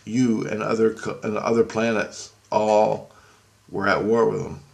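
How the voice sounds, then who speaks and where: A calm divine teacher, as a storyteller voices him, explains things in a measured way. The voice is gravelly and sits low. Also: male voice. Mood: explaining.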